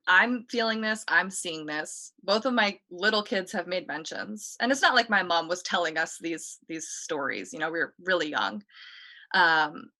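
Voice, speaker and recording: A woman with a lower-pitched voice and a bright, forward tone. She tells a story as a guest on a talk show. Her delivery is casual and chatty, and she keeps dropping in "like" and "you know". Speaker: guest telling a ghost story.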